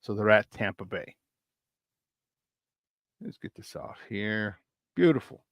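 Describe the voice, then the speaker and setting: A man's voice: lowish voice, animated, slow pace, vocal fry, dry recording. A man hosting a casual morning sports talk show, upbeat and chatty, often repeating himself and laughing.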